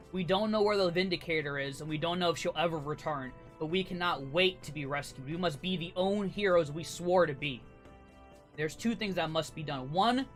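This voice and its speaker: A man's voice: high-pitched, fairly bright tone. A man narrating as dungeon master, casual with filler words. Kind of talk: narrating a tabletop game.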